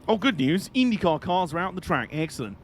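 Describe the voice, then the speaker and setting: Excitable man commentating a game. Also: sits high, quick pace, slight background noise. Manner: excitable, jokey, mock-outraged chatter. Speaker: streamer.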